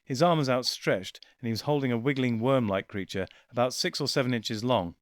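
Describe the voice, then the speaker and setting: A man narrating a science fiction audiobook in a measured, quiet storytelling voice. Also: mid-range voice, no room sound, clean studio sound. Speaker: audiobook reader. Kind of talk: scripted narration.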